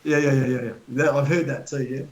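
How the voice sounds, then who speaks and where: A man's voice: medium pitch, steady tone, fast talker, darkish tone, poor audio. An Australian man in his fifties, a talk show guest spinning long rambling anecdotes in casual chat. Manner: rambling anecdotal storyteller, chuckling.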